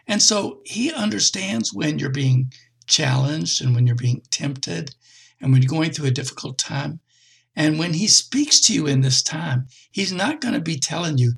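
A middle-aged man preaching a conversational sermon, with expressive jumps in pitch. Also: gravelly, breathy edge.

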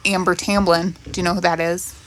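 A woman co-hosting a casual podcast, going through a cast list in a relaxed, chatty way. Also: fairly low pitch, a little fast, slight background noise. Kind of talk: casual chat.

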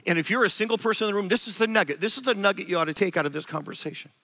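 A man preaching a sermon, animated and acting out quoted voices of spouses. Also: high-pitched, very fast. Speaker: pastor.

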